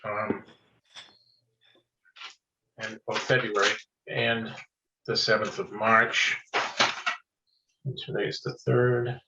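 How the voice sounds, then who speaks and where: Halting man chairing a remote meeting. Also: fairly low pitch, little pitch movement, background noise. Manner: halting, thinking aloud. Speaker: board chair. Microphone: video call. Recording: dull lo-fi remote meeting audio.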